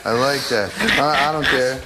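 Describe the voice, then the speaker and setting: A man's voice: mid-range voice, moderate pace. A man chatting casually as a reality show contestant, amused and impressed. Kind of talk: casual chat. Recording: loud background noise.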